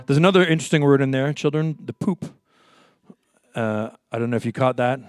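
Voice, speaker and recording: A man's voice: mid-range voice, brisk, clean tone, no room sound, clean studio sound, soft background music. A man from Montreal, a folk singer chatting playfully between songs at a live concert, hesitant and full of fillers. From Montreal, Canada. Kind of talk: stage banter at a live concert.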